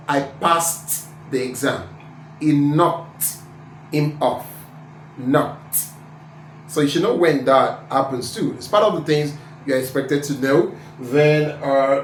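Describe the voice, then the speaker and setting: A man's voice: fairly high pitch, reverberant, slight background noise. A man with a Nigerian accent teaching IELTS speaking pronunciation, repeating sample words and spelling out letters.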